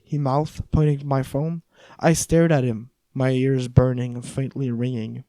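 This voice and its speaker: A man's voice: medium pitch, little pitch movement, measured pace, warm tone, no room sound. A man reading a first-person audiobook in a wry, conversational way. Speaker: audiobook narrator.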